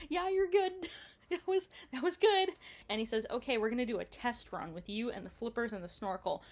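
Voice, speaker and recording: A woman casually recounting a day of travel and snorkeling, chatty and animated, quoting people she met. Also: on the high side. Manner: chatty, animated retelling with quoted dialogue and laughs. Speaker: travel vlogger.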